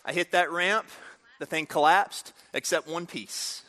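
A man preaching a storytelling sermon, talking directly to the audience in an animated way. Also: a little high, measured pace, slight background noise. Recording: reverberant hall.

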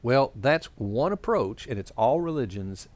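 A man preaching in an easy, conversational way, with plenty of pauses and small fillers. His voice sits in an ordinary middle register. He works through his points step by step as he draws a diagram. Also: mid-range voice, expressive, a little mellow. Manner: explains points while drawing a diagram. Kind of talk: sermon with storytelling.

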